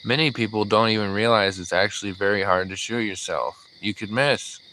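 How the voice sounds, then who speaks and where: A man voicing a calm, gentle old man who speaks softly and steadily in a coaxing way. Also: lowish voice, fairly quick, slight background noise, rough recording.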